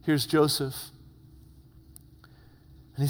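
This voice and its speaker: Slow-speaking pastor in a reverberant hall. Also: male voice, a little high. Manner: dramatic storytelling, drops to hushed tones. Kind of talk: sermon. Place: church. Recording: long reverb of a church hall.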